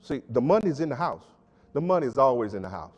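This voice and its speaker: A man pastor preaching a sermon with emphatic call-and-response delivery, swinging between loud and soft. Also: mid-range voice, sing-song, fast talker. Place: church sanctuary. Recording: church hall with long reverb.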